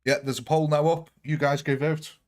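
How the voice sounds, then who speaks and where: A man's voice: fairly high pitch, little pitch movement, normal speed. A young man streaming a strategy game live, chatting jokily with his viewers. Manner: jokey, chatty, giggly. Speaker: gaming livestreamer. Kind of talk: live game commentary with chat.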